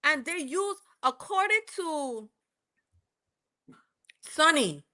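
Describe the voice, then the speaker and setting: A woman with a Caribbean accent from the Virgin Islands, chatting as a podcast co-host and acting out quoted dialogue in an animated way. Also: sits high, extremely slow. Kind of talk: casual gossip chat.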